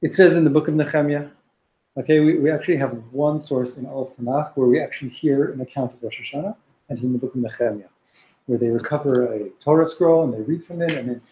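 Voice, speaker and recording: A man's voice: medium pitch, mellow, echoey room, poor audio. A man teaching a text study class, reading Hebrew passages aloud and explaining them with frequent restarts. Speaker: Torah teacher.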